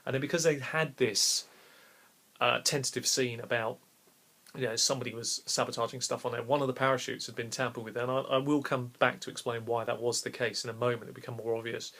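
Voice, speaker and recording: A man's voice: medium pitch, flat delivery, a little fast, sharp tone. Guy rambling happily about an old tabletop game he ran. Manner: rambling with restarts, enthusiastic. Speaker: game master. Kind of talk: casual storytelling to camera.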